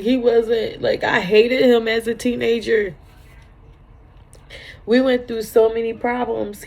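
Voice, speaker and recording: A woman in her thirties telling a personal story in a vlog, halting and tearful, repeating her words as she cries at times. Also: medium pitch, gravelly, a little mellow. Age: 30s. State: crying at times. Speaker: vlogger.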